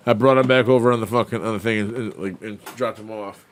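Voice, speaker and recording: A man's voice: on the low side, steady tone, quick pace. A man co-hosting a casual podcast, chatting and swapping racing stories in a laid-back, profane way. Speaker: podcast co-host. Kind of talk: casual storytelling chat.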